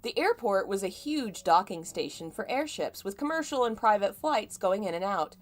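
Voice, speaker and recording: A woman's voice: medium pitch, lively intonation, normal speed. A woman streaming a live reading of fan fiction, amused, often breaking off with laughter and side comments. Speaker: fanfiction reader.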